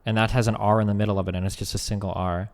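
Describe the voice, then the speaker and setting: A young man doing casual live-stream commentary, reading text aloud fast and breaking off to chat, joke and swear. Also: fairly low pitch, little pitch movement, darkish tone, long reverb tail.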